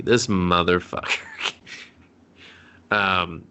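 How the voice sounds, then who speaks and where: Deep gravelly man with a bright edge. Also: level tone, normal speed, background noise. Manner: laughing, profane, quotes characters. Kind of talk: casual movie review chat.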